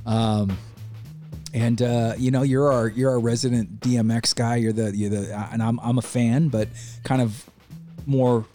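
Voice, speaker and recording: A man co-hosting a casual podcast, talking in an upbeat, excitable way and laughing often. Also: mid-range voice, a little slow, faint music behind. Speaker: podcast co-host.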